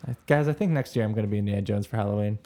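A man's voice: on the low side, dark tone. Playful young man in casual banter. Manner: playful, jokey, quick to laugh. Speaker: podcast co-host. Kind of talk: casual chat.

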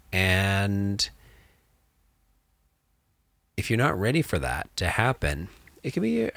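Low-voiced man, animated chat. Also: gravelly, dry recording. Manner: animated, rambling, many fillers. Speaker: game master, podcast co-host. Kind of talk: casual chat.

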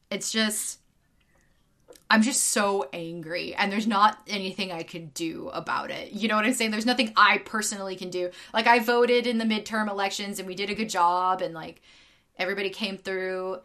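On a casual podcast, a female co-host rants in heated, profane bursts, packing her speech with fillers and "like." Her mid-range voice is a bit bright, with fairly even intonation and a moderate pace.

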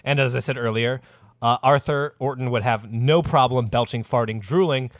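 A man hosting a casual podcast, telling a historical story with animated delivery and plenty of cursing. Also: mid-range voice, moderate pace, no echo, studio quality. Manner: animated, lively delivery with sudden voice put-ons.

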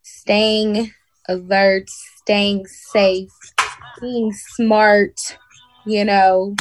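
Woman, casual chat, encouraging, faith-minded, slow-paced, dry sound, video call. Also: mid-range voice, flat delivery, no echo, rough recording.

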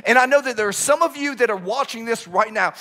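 Young adult man, pastor, lively sermon, high pitch, bright tone. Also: fast talker. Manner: animated storytelling, swinging from loud outbursts to hushed, low asides.

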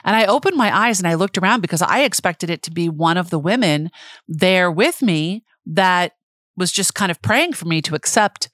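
Excitable, fast-talking middle-aged woman. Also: on the low side, no room sound, studio quality. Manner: laughs often while telling stories. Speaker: podcast co-host. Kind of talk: storytelling in casual chat.

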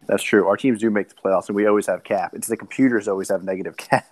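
Young male co-host with a lowish voice, rambling and excitable, casual chat. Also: fast talker, dry recording. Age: young adult. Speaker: podcast co-host.

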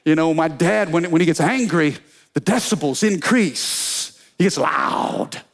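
Man, pastor, high voice, energetic sermon, call-and-response, humorous stories. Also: a little slow. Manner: storytelling with humor.

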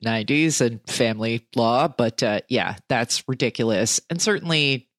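Very low-voiced sarcastic woman co-host. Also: normal speed, no echo, studio quality. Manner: sarcastic, jokey, animated. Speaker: podcast co-host. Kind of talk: casual chat recapping a TV show.

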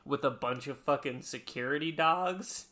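Bright-voiced man explaining wrestling history. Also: mid-range voice, moderate pace. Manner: swears freely, storytelling, laughs often. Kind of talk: casual chat.

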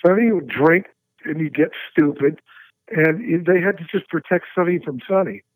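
A man who is a stunt performer, telling lively, laughing anecdotes and slipping into impressions during a radio interview. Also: fairly high pitch, moderate pace, no room sound, poor audio. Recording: dry radio studio.

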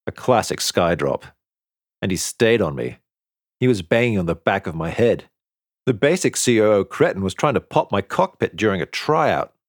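A man narrating a science fiction story in the first person, in a steady storytelling manner. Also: on the low side, moderate pace, no room sound, studio quality. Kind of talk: audiobook narration.

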